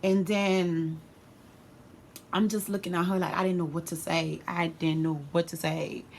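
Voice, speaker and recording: A woman's voice: on the low side, level tone, a little slow, vocal fry, slight background noise. A woman vlogger telling a personal story in a candid, slangy, casual way.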